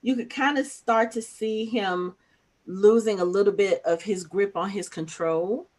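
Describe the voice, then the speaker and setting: Woman podcast co-host, mid-pitched, animated recap chat. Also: measured pace. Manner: retells scenes, quoting characters with rising emphasis.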